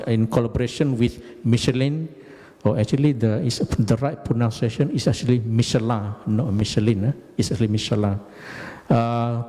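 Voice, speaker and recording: A man, giving a halting, deliberate lecture about his career. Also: mid-range voice, dark tone, in a large hall. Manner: halting, deliberate, frequent hesitations. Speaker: guest lecturer, company managing director.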